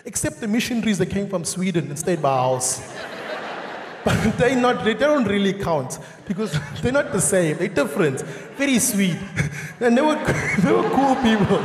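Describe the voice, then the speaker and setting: A lively South African stand-up comedian with a high voice performs on a large theatre stage. He's animated, acts out shouting characters, and laughs at his own jokes. The live recording sounds roomy, with the audience audible.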